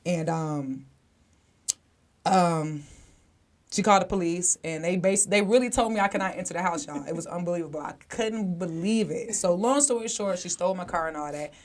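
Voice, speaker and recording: A woman's voice: on the low side, normal speed. A woman co-hosting a podcast, telling a personal story in a blunt, candid, casual way, swearing freely and talking straight to the listeners. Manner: conversational, speaks directly to listeners. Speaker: podcast co-host.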